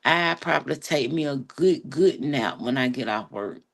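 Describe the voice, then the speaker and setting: Woman, livestream host, casual gossip, profane, teasing, low voice, lively swooping pitch. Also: moderate pace, gravelly. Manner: animated, profane, teasing, calls viewers baby and honey.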